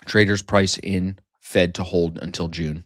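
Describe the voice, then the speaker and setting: A man's voice: low voice, fairly even intonation, measured pace, fairly bright tone, no room sound, clean studio sound. A man in his thirties hosting a live trading stream, brash and joking, swearing freely in casual chat.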